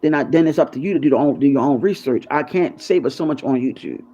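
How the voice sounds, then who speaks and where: A man's voice: on the high side, fast talker, mellow. Rambling, conspiratorial man on a lo-fi mic. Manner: loose, rambling, conspiratorial, curses freely. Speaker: YouTube channel host. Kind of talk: casual freestyle monologue to viewers.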